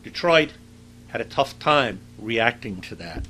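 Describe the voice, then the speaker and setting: A middle-aged man gives a recorded university lecture in a conversational, anecdotal way with frequent fillers. His medium-pitched voice is expressive, bright and forceful, a little slow, and the low-quality recording carries a little hiss or hum.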